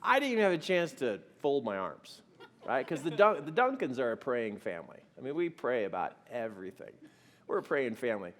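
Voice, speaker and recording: A middle-aged man telling a funny personal story to an audience, animated and self-mocking. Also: medium pitch, a little fast, long reverb tail.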